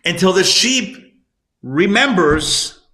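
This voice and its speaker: A man teaching a live class as a rabbi, joking and quizzing his students with animated energy. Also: sits high, slow, a little hiss or hum. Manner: playful, jokey, animated, asks the class questions. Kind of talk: lively live class lecture.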